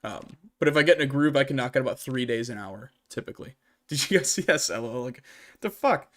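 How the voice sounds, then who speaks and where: A man's voice: medium pitch, fast talker. Rambling, chatty young man streaming. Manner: rambling and chatty, with many restarts and "like" fillers. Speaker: streamer and channel host. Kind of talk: casual livestream Q&A while gaming.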